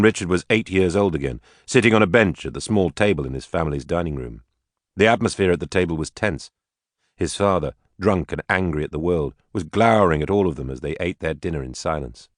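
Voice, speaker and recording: Deep-voiced male audiobook narrator. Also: no room sound, studio quality.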